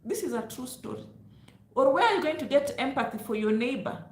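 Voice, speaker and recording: A woman giving advice to camera in a loud, emphatic, lecturing way, laughing now and then as she talks to her viewers. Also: high voice, animated, brisk, roomy sound. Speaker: travel vlogger. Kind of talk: direct-to-camera advice vlog.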